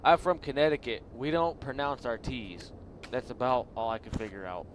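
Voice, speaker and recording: A man's voice: mid-range voice, expressive, moderate pace, a little hiss or hum. A man hosting a gaming channel, giving casual, rambling gameplay commentary and laughing a lot.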